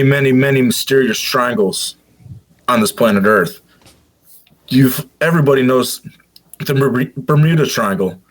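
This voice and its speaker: A man from Michigan, a podcast guest, explaining local legends in a casual, enthusiastic way. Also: mid-range voice.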